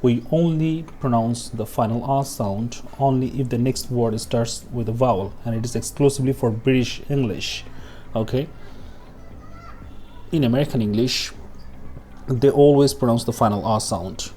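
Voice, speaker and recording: In a warm, medium-pitched voice over slight background noise, a man gives a slow pronunciation lesson in English. He repeats each example word, keeps asking "okay?", and occasionally stops to cough.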